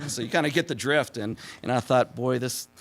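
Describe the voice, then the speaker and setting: A man's voice: mid-range voice, normal speed, fairly bright tone, faint music behind. A man in his forties speaking at a symposium, telling stories with many fillers and laughing at his own jokes. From Texas. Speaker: symposium speaker, former press secretary. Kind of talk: public talk with anecdotes.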